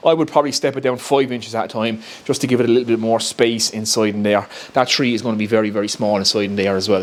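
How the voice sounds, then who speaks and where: A man with an Irish accent casually talking through a woodworking build step by step, recorded in his home workshop. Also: mid-range voice. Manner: chatty, explains step by step, laughs at himself. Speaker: woodworking YouTuber.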